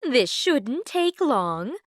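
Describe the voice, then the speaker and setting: A woman voicing a cheerful, scatterbrained fairy godmother with an airy, unhurried manner. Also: high-pitched, big pitch swings, no echo, studio quality, heavily acted. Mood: breezy. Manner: airy, breezy, slightly slower.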